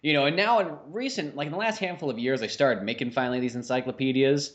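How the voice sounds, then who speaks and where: Man, podcast co-host, casual chat, fast, excitable, profane, muffled lo-fi sound. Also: medium pitch.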